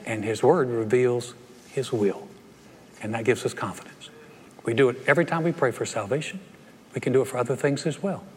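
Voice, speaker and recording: Animated pastor in a reverberant hall. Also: male voice, mid-range voice, brisk, slight background noise. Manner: animated, acts out playful voices. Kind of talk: sermon. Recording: long reverb of a large hall.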